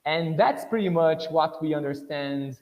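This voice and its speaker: A man's voice: a little high, a little slow, big-room sound, lo-fi sound. A man presenting a webinar, lecturing in a loose, conversational way and often saying "you know" and "um". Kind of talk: informal online lecture.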